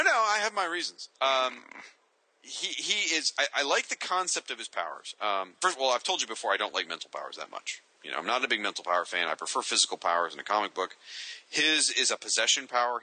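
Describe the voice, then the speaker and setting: A man's voice: mid-range voice, sharp tone, dry recording, rough recording. A man co-hosting a casual comics chat, opinionated and ranting. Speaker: co-host.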